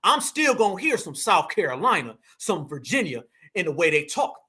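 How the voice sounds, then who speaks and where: Host, man, fiery preachy monologue, high lively voice. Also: normal speed. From New York. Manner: emphatic, preachy, animated, addresses audience as fam. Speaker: political commentary host.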